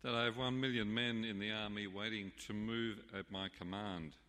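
Man playing a stiff, pompous dictator, low forceful voice, church reverb. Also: steady tone, moderate pace. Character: pompous male military dictator.

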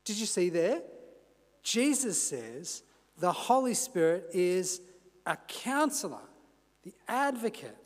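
A man preaching a sermon as pastor, measured and unhurried, with the odd casual aside. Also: high-pitched, sing-song, long reverb tail. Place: church.

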